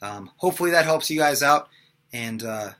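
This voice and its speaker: A man's voice: mid-range voice, expressive, moderate pace, a bit bright. A young man teaching singing casually, with lots of fillers between his examples. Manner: casual, talks with many fillers between demonstrations. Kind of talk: vocal lesson with sung examples.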